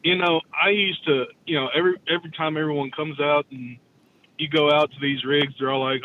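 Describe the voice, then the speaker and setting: A man's voice: steady tone, brisk. A man calling in while driving, easygoing and drawling. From Texas. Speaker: caller. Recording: muffled phone call with road rumble.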